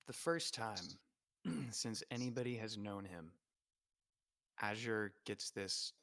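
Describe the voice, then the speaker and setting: A man's voice: fairly low pitch, fairly bright tone, no room sound. A man playing a tabletop game, describing his character in an earnest, emotive way. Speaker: player. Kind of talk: tabletop game role-play.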